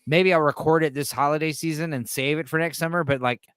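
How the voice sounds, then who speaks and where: A man hosting a casual late-night chat with friends, rambling and animated with lots of restarts. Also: fairly high pitch, fast talker, clear, resonant tone, no echo, clean studio sound. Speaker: podcast host.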